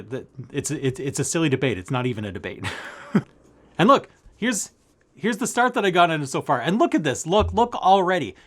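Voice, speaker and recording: A man talking excitedly to camera in a casual monologue, stammering and repeating himself as he goes. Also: a little high. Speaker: cross-stitch vlogger.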